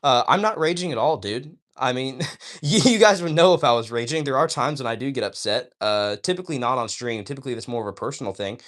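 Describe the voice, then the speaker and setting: His fast, expressive, fairly bright voice sits at a medium pitch as he hosts a casual livestream. The man addresses viewers directly and reads their chat aloud, sounding enthusiastic and preachy and repeatedly asking "all right?".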